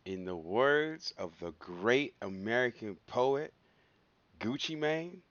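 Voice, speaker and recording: A man co-hosting a podcast in casual chat, riffing excitedly and laughing often. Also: medium pitch, slow, no echo. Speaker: podcast co-host. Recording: dull lo-fi dry recording.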